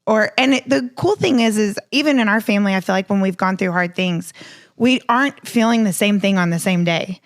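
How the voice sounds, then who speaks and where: Woman, 30s, earnest and animated podcast co-host, mid-pitched, dry close sound. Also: fairly quick, no echo. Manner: earnest, animated, acts out quoted remarks. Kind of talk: casual faith and family chat.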